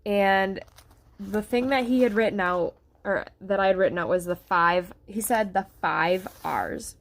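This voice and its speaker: A woman's voice: medium pitch, measured pace. A woman talking to the camera at home in a casual, rambling way, with many fillers and restarts. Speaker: vlogger sharing a health experience. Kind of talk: casual personal talk to camera. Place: at home, on a couch.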